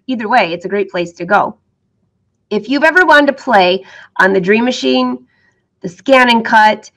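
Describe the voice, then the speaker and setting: A woman's voice: a little high, fairly bright tone. A middle-aged woman who teaches sewing, chatting upbeat to her viewers, laughing often and fighting the hiccups. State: has the hiccups. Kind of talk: casual chat to viewers.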